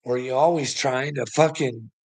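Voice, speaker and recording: A man's voice: medium pitch, moderate pace, gravelly, a little mellow. A weary man ranting in a profane monologue to the camera, swearing constantly and stammering through restarts. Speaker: vlogger.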